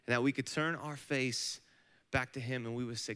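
A man giving a heartfelt testimony at a worship service, speaking slowly and earnestly. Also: medium pitch, steady tone, bright, forceful tone, smooth. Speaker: panel speaker. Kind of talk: sermon-style testimony.

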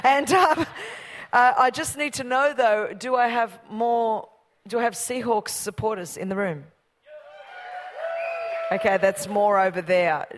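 An Australian guest preacher in her forties delivers a sermon in a large church auditorium, the long reverb of the big hall around her. Her voice is a little high, her pace measured with frequent pauses, and she jokes and banters exuberantly with the congregation.

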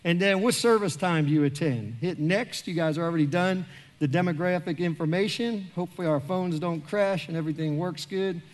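A man, a pastor giving a joking, animated sermon in a large church. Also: high-pitched, a little fast. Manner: animated, joking, acts out quoted voices.

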